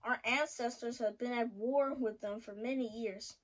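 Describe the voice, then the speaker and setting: A woman's voice: a little high, fairly even intonation, moderate pace, natural voice, low-quality recording. A woman voicing a kind, motherly female butterfly in a children's storybook, soothing and affectionate. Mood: emphatic. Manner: warm, soothing, calls people child and sweetheart.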